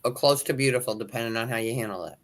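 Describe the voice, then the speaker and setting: A man who leads caregiver support groups, speaking on an online panel and telling lively stories. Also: medium pitch, racing. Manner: animated anecdotes with acted quotes. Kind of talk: panel discussion storytelling. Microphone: video call.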